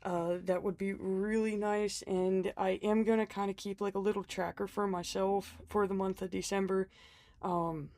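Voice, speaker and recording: This budget-planner vlog features a woman whose mid-range, darkish voice stays level at normal speed, captured in a dry recording. Though sick and winded, she stays chatty and self-deprecating, filling her talk with ums and light laughter.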